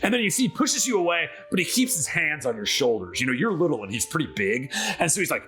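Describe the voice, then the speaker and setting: Male game master, bright voice, animated storyteller, rambling delivery. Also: on the high side, quick pace, few pauses, soft background music. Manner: casual, filler-heavy, lively storytelling. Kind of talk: narrating a tabletop game.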